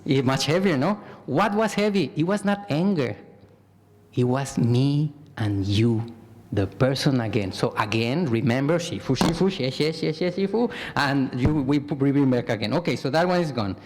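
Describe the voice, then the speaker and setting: A man's voice: mid-range voice, normal speed. A man, a Buddhist monk, giving a Dhamma talk to a live audience. He addresses them as "my dear family", asks them questions and acts out example phrases. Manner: warm address, repeatedly says "my dear family". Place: large temple hall. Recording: long hall reverb.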